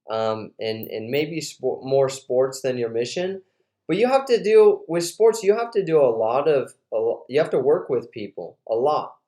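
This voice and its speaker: Male host, casual and animated, recorded in a roomy space. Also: mid-range voice. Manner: animated storyteller, lots of fillers. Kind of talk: casual interview storytelling. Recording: roomy echo.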